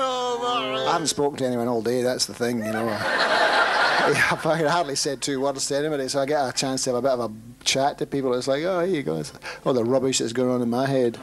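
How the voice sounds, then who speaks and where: A man's voice: mid-range voice, steady tone, a little fast, over loud music. A man who is a singer-songwriter, telling stories in a rambling, amused way and often laughing through his words in a casual interview.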